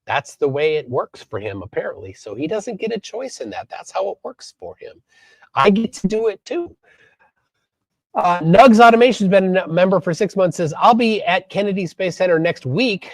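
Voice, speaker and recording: A man from Minnesota hosting a live stream, reading chat aloud and commenting in a halting way with many fillers. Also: sits high, expressive, gravelly, dry recording. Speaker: livestream host.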